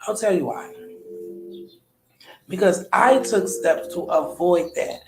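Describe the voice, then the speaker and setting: A woman's voice: on the low side, expressive, slow, darkish tone, reverberant, slight background noise, poor audio. A woman in her thirties, a podcast host, talking candidly in a personal monologue, colloquial, often trailing off and restarting. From United States.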